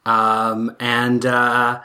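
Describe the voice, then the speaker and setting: This is a player in a tabletop role-playing game, talking at a mid-range pitch. The delivery is animated and chatty, with quick reactions as each scene unfolds.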